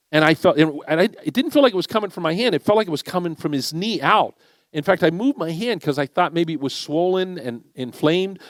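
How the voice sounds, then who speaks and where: A middle-aged man preaching as a guest speaker in a church, telling a story in a conversational, animated way and acting out the dialogue. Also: on the high side, no room sound. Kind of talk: storytelling sermon. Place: church sanctuary.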